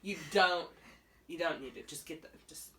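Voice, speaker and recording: Lady doing a stone-faced makeup guy, low flat voice, bossy, a little far off with some hiss. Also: moderate pace. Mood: deadpan, stern. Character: deadpan male makeup expert, stern and serious.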